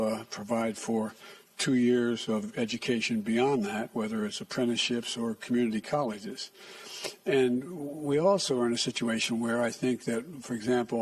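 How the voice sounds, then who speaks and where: An older man takes questions at a press conference, picking his way through answers with many restarts and half-finished phrases. His voice is husky and a little breathy. He sounds somewhat distant from the microphone. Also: medium pitch. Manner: halting, restarts often, soft asides. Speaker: president answering reporters. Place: press room.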